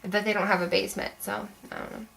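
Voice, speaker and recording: A woman's voice: mid-range voice, little pitch movement, fast, gravelly, fairly bright tone, poor audio. A young woman vlogger telling a story to camera in a chatty, rambling way, full of "like" fillers.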